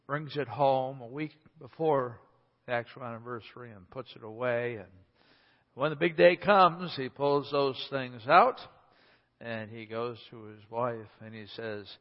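A man's voice: mid-range voice, unhurried. A male pastor preaching a sermon, telling a story and repeating key points for emphasis. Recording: echoey hall, slightly dull.

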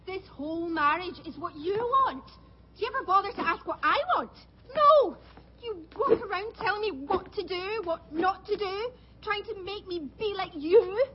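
An actress playing a defiant teenage princess with a Scottish accent, tearful and pleading. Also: female voice, extremely high pitch, animated, moderate pace. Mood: upset. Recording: dull film clip with loud noise.

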